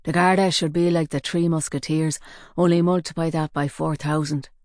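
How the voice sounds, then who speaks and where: A woman voicing a menacing male gunman with a hoarse, gravelly voice. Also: low voice, steady tone, moderate pace, darkish tone, no room sound, studio quality, lightly acted. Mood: cold.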